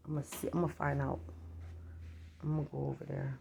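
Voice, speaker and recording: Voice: medium pitch, fairly even intonation, quick pace, creaky, slight background noise. A vlogger recording at home on a handheld phone, talking casually to viewers in a rambling, profane way and calling them y'all. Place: at home, near a street.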